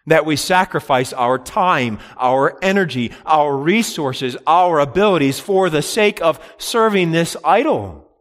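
A man's voice: fairly high pitch, expressive, a little slow, hardly any pauses, long reverb tail. A man preaching a sermon in an earnest, emphatic way, with repeated phrases and rhetorical questions. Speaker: pastor.

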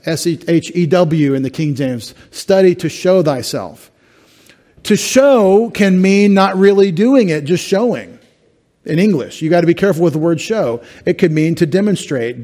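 A man's voice: fairly high pitch, mellow. A middle-aged man pastor preaching an expository sermon, explaining Greek words step by step with wry asides. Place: church sanctuary.

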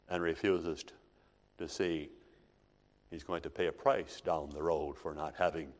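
A male preacher delivering a sermon, dramatic, swinging from hushed asides to loud emphasis. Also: low-pitched. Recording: long hall reverb.

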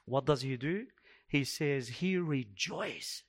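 A man preaching a sermon, dramatic, swinging between hushed and loud delivery. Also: mid-range voice, animated, slow. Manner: acts out quoted complaints in a raised voice.

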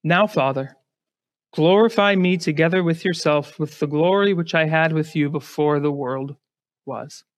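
High-voiced man preaching a sermon. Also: unhurried. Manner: emphatic, asks the congregation rhetorical questions; repeats words when starting a phrase. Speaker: pastor.

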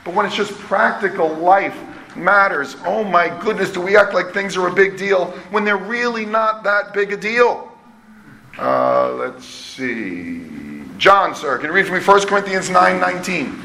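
A man's voice: sits high, expressive, measured pace, gravelly, pushed and bright. A middle-aged man preaching a conversational, emphatic sermon as pastor. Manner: conversational, emphatic, self-deprecating. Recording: echoey room with faint hum.

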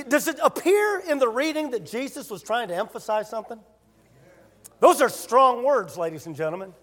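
A man preaching a sermon as pastor, emphatic and rising to loud bursts. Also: high-pitched, big-room sound.

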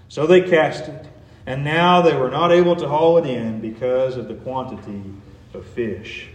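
A man preaching a sermon, earnest, growing emphatic and then softening on tender words. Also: medium pitch, lively intonation, moderate pace, echoey room. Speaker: pastor.

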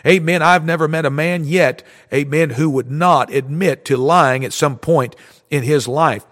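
A male preacher delivers a fervent sermon, punctuating his points with repeated amens. His voice sits a little high for a man. It rings out with a long hall reverb. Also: measured pace, a bit bright. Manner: fervent, repetitive, frequent amens.

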